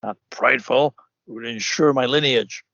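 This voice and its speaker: A man voicing a proud tribal warrior, gravelly. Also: mid-range voice, normal speed, fairly bright tone, no room sound. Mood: proud, insistent. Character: proud male tribal warrior seeking honor. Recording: dull lo-fi dry recording.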